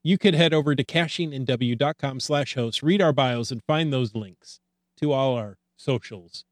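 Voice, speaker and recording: A man's voice: medium pitch, moderate pace, no room sound. Joking podcast host, man, dry close-miked sound. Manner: joking, playful. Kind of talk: casual podcast chat.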